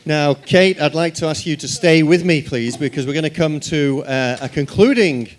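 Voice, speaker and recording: A man's voice: on the high side, normal speed, slight background noise. A man moderating a conference panel, polite and a little hesitant, with fillers.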